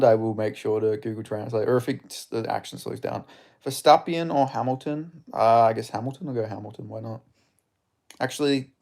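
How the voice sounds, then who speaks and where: A man streaming live fight commentary, excitable and swearing, chatting with his viewers between rounds. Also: medium pitch, vocal fry.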